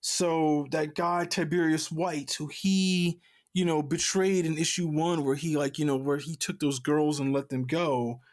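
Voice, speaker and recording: A man co-hosting a podcast, retelling a comic's plot in casual chat with lots of restarts and excited asides. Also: a little high, measured pace. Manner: excited storytelling, many restarts and "you know". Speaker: podcast co-host.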